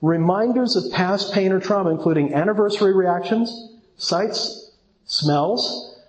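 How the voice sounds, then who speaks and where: Middle-aged male recovery speaker, somewhat high voice, earnest, quizzes the room. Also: a little slow, poor audio. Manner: earnest, asks the audience questions. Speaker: twelve-step speaker. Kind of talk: recovery talk to a live audience. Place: meeting room with an audience.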